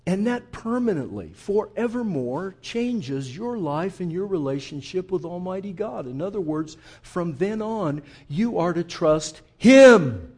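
A pastor delivers a sermon in a fairly high voice. He talks to the congregation like friends, calling them folks. He drops to hushed intensity, then rises to loud emphasis. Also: expressive, a little slow, hardly any pauses, breathy edge. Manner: conversational preaching, addresses listeners as folks; shifts between quiet intensity and loud emphasis.

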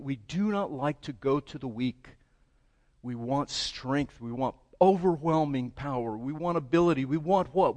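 A man. His sermon is animated and conversational. He keeps tossing questions to the congregation and acts out the prayers he talks about. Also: fairly high pitch. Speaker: pastor.

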